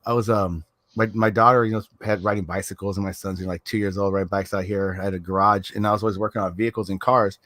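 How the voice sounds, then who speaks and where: A man's voice: lowish voice, steady tone, fast talker, a bit bright, no room sound. A middle-aged man telling a rambling story in casual voice chat, full of fillers and laughter. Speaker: voice chat participant.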